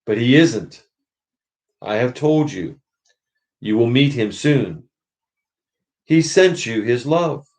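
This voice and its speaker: A man reading aloud and voicing a gentle, patient bright spirit from a storybook. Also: mid-range voice, lively intonation, slow pace, long pauses.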